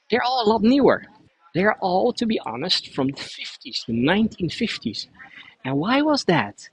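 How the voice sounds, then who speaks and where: A man's voice: on the high side, no room sound, low-quality recording. A Dutch man, a native Dutch speaker using English, guides a cycling tour of a city outdoors and explains at length with frequent restarts. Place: outdoors in a city square, riding a bike.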